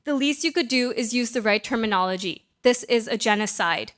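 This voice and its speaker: A woman's voice: a little high, brisk, fairly bright tone. A young woman giving an impassioned, accusatory public comment at a city council meeting. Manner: impassioned, accusatory, rising to pleading.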